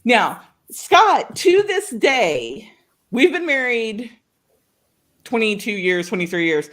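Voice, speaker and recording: A woman from Oklahoma co-hosting a show, telling a story in casual chat with an animated, laughing manner. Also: on the high side, takes it slowly. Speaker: co-host of a writing show.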